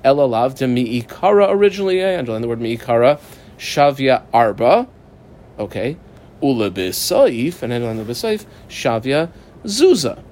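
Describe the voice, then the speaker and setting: A man teaches a Talmud class to a small study group in a medium-pitched, expressive, slightly mellow voice at normal speed. He reads the Aramaic text and translates it phrase by phrase, explaining step by step by posing questions and answering them himself.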